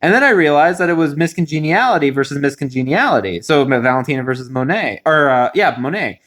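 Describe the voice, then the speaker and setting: A man's voice: a little high, lively intonation, fast, a bit bright. A man giving a casual, chatty recap of a reality show, full of fillers and restarts.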